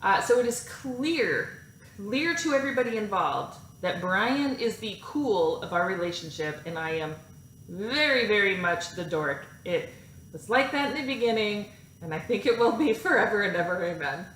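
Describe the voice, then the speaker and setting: Animated woman telling a story in an echoey room. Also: mid-range voice, moderate pace, a little hiss or hum. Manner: animated, laughs often, self-mocking. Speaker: vlog host telling a personal story. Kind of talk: casual storytelling to camera. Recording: echoey room with faint ambience.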